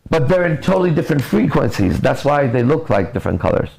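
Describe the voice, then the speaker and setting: A man's voice: a little high, fast, vocal fry, low-quality recording. A man coaching on relationships in a blunt, profane, casual podcast talk. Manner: blunt, profane, lively storytelling.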